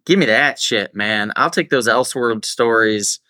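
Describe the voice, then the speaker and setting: A man's voice: medium pitch, normal speed, sharp tone, no echo, clean studio sound. A man in a casual podcast chat, enthusiastic and jokey. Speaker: podcast co-host.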